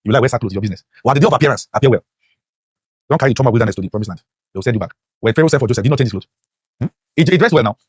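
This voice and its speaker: A man's voice: mid-range voice, animated, rapid-fire, slightly rough, dry recording. A man giving a motivational lecture to a class, preachy and full of rhetorical questions, his voice leaping up sharply on key points. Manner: voice leaps up sharply when stressing points. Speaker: motivational teacher.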